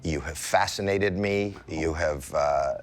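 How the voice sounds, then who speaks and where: A man in his sixties, a celebrity guest, takes it slowly while telling a story in a casual chat, with slight background noise. He acts out scenes with lively comic timing that breaks into high-pitched yelps.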